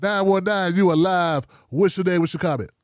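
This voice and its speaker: On his own commentary show, the host talks straight to his audience in a blunt, casual, profane and animated way before opening the phone lines. His voice is high and his pace moderate. It's a dry, studio-quality recording.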